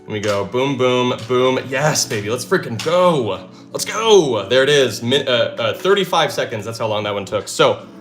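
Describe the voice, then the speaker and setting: A man's voice: mid-range voice, animated, moderate pace, a bit bright, faint music behind. A man hosting a live stream, thinking aloud as he works through puzzles and cheering when he solves them. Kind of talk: excited live stream chatter.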